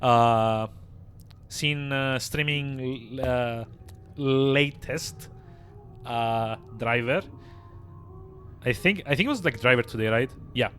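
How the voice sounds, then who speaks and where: Man, livestreamer, slightly hoarse, chatty, excitable, casual. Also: mid-range voice, slow pace, pauses often, faint music behind. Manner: chatty, excitable, laughs often, many fillers. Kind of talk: casual chat with viewers.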